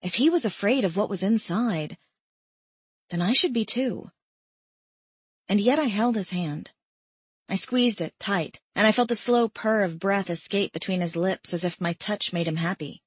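A woman narrating a novel in the first person with an intimate, measured delivery. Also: medium pitch, slightly rough, no room sound. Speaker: audiobook narrator. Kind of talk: scripted narration.

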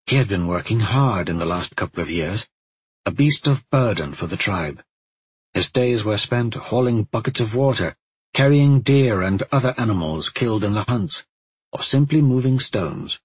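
Narrating a fantasy audiobook, a man reads calmly and steadily in a rather low voice that's heavily husky and breathy. The recording is close and dry, with no room sound whatsoever.

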